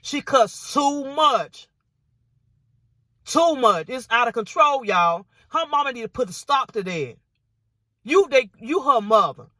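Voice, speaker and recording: A woman's voice: on the high side, big pitch swings, moderate pace, bright, forceful tone, dry recording, studio quality. A woman vlogger giving indignant reaction commentary on viewer comments, repeating herself and saying y'all often.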